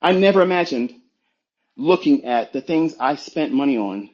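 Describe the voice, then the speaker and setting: A man's voice: a little high, lively intonation, moderate pace, a little mellow. Blunt, profane man preaching, muffled audio. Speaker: trading mentor. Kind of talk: motivational talk on a live audio stream.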